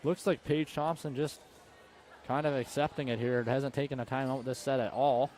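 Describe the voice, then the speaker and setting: A young man giving brisk play-by-play commentary on a high school volleyball match, sometimes correcting himself mid-sentence. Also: fairly even intonation, darkish tone. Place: school gymnasium. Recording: faint gym noise behind.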